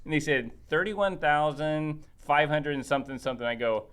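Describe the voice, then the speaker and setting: A man, a guest on a podcast, telling a story in casual chat. He talks in an animated way, acts out the dialogue of other people and restarts his sentences a lot. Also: on the high side, normal speed, smooth. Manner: many restarts and fillers.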